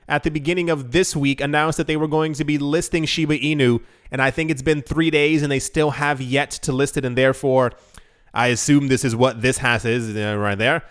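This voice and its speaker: A man hosts his own crypto channel and talks alone in a loose, rambling way. His voice is smooth and clear and sits a little high. He runs short of breath and jokes at his own expense as he rattles through long lists. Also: fairly bright tone. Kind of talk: casual solo commentary.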